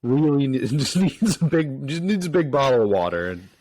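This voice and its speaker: Lively man with playful asides. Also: medium pitch, normal speed, no room sound. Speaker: podcast co-host. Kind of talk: improvised storytelling.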